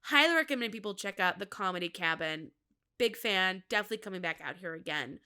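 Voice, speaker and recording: A woman's voice: medium pitch, lively intonation, quick pace, pushed and bright, clear, resonant tone. A woman in her thirties from Minnesota with a Midwestern accent, chatting candidly and jokily on her own podcast. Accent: Midwestern American. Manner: candid, self-mocking, jokey with laughs. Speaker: comedian podcast host. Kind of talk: casual solo podcast chat.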